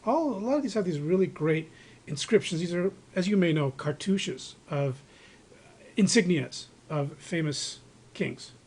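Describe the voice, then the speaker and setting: A man's voice: a little high, lively intonation, measured pace, darkish tone, breathy edge. Rambling man showing off his collection. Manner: rambling, with many fillers and restarts. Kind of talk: casual show-and-tell narration. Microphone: handheld camera microphone.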